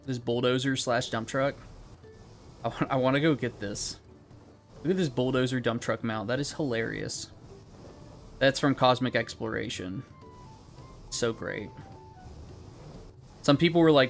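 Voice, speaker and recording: Young male streamer, mid-pitched, loose and profane, chatting over a game with faint music underneath. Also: a little slow, creaky, long pauses. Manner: rambling, profane, laid-back. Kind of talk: casual gaming stream chat.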